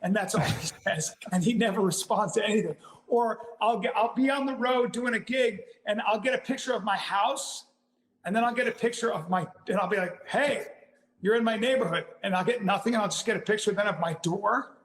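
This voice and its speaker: Comedian guest, male, raised-pitch storyteller; room echo on the track. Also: brisk. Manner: acts out his own reactions with sudden loud exclamations; laughs through his story, frequent "like" fillers. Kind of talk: animated anecdote telling.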